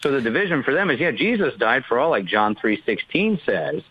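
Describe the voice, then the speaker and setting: A man's voice: medium pitch, sing-song, fairly quick, slightly rough, no room sound, dull audio. A man, a pastor, explaining theology in an earnest, emphatic way during a podcast discussion.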